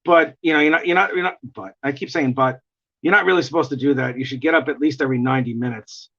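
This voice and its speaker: A man's voice: mid-range voice, fast talker, pushed and bright. A man livestreaming his drawing, chatting casually in a rambling, jokey way and often correcting himself. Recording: dull lo-fi stream audio.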